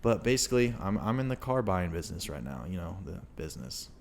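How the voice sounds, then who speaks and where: A man's voice: low-pitched, fast, a crowd in the background. A young man co-hosting a podcast, telling a long story in casual chat with lots of restarts. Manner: rambling, animated storytelling with frequent restarts. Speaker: podcast co-host.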